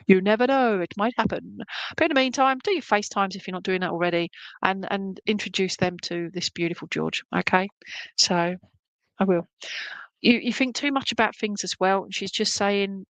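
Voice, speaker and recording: A woman's voice: medium pitch, no echo, poor audio. Chatty woman medium, dry sound. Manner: chatty, reassuring, checks in with "okay?" constantly. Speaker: spiritualist medium. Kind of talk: clairvoyant reading in an online church service.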